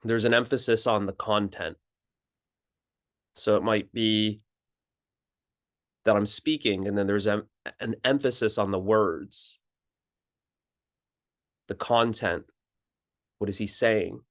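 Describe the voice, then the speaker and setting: Slow, calm man giving a spiritual talk. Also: on the low side. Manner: calm, unhurried, pauses and restarts phrases. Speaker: spiritual teacher. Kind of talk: slow contemplative teaching talk.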